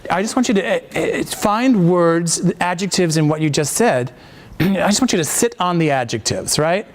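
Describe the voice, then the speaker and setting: A man coaching a voiceover workshop, enthusiastic and quick to heap praise on his students. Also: high-pitched, lively intonation. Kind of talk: coaching a class.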